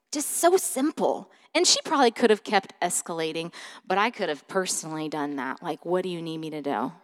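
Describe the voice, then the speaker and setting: A woman's voice: on the low side, expressive, brisk, in a large hall. A woman pastor preaching a sermon in a chatty storytelling way, full of fillers, dropping to whispered asides now and then. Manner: conversational storytelling with many fillers; swings from loud to soft whispered asides.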